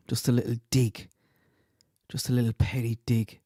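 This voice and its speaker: A man hosts a true crime channel and comments on clips with indignant rhetorical questions. His voice is mellow and mid-pitched, recorded dry and close. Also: monotone, fairly quick, no room sound.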